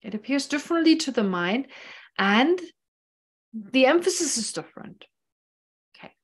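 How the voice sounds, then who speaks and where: A woman's voice: sits high, big pitch swings, moderate pace, husky. A woman teaching Buddhist philosophy in an online class, explaining carefully and repeating key phrases. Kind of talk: online lecture. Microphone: online class microphone.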